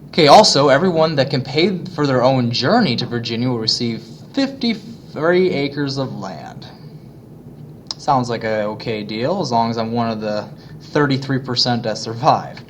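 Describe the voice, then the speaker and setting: A man teaching a history lesson in a casual way, with many fillers and pauses. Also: mid-range voice, expressive, a little hiss or hum. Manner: casual, many fillers, plays voices of colonists. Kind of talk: classroom lesson narration.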